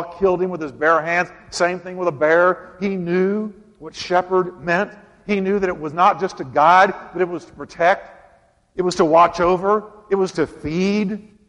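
High-voiced preaching man in a reverberant hall. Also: a bit bright. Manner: dramatic preaching with emphatic repetition and slowed punch lines. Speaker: pastor. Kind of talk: sermon.

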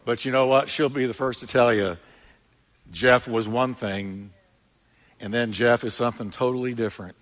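A man's voice: mid-range voice, fairly even intonation, moderate pace. A man pastor preaching a sermon, telling a story in an emphatic way.

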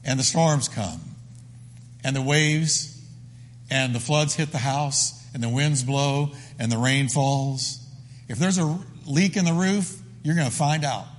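A man's voice: medium pitch, unhurried, long reverb tail. A man preaching a sermon as the pastor, emphatic and full of repeated phrases.

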